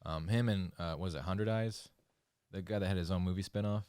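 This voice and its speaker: A man's voice: low-pitched, brisk, darkish tone, clear, resonant tone, no echo. A man co-hosting a podcast in casual chat, rambling and joking, with frequent restarts. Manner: rambling, restarts often, jokey. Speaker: podcast co-host.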